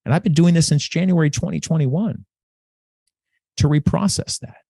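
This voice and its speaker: A man's voice: on the high side, steady tone, moderate pace, vocal fry, dark tone, no room sound, clean studio sound. A man, a podcast guest, telling his story in an earnest, candid way and repeating phrases when moved.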